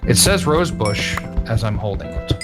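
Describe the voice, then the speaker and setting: Lively bantering young man co-host. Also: on the low side, moderate pace. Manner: bantering, playful teasing. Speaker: podcast co-host. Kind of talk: casual gaming chat. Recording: music playing underneath.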